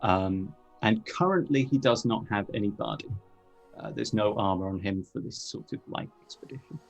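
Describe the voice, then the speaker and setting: A man describing his character in a tabletop game, speaking in a halting way with frequent ums. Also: on the low side, gravelly, faint music behind, poor audio. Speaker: player.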